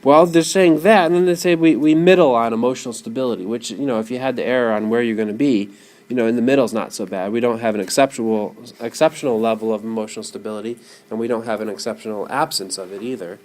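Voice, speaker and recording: A male lecturer talking through material in front of a class. He is animated and keeps questioning his students as he goes. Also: medium pitch, fast.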